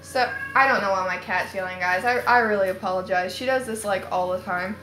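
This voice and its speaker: A woman's voice: medium pitch, a little fast, a bit bright, slight background noise. A young woman hosting a casual live stream from home on her phone, rambling and chatty with lots of "like" fillers.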